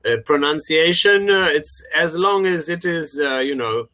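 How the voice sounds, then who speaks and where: A male tutor leads a pronunciation lesson over a video call. His voice has a bright, forward tone, and he speaks patiently, saying each word slowly for his student to copy. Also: a little high. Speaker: English tutor.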